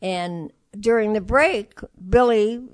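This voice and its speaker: Older woman, lively storyteller, dry sound. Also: mid-range voice, takes it slowly, no room sound. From Detroit, USA. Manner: lively storyteller who acts out quoted voices. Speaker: jazz singer interviewee. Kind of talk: storytelling interview.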